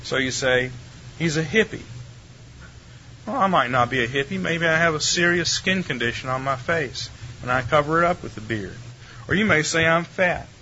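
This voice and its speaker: A man's voice: a little high, brisk, sharp tone, muffled recording, a little hiss or hum. An older man giving a theology lecture to a live audience in a wry, conversational way, putting rhetorical questions to his listeners.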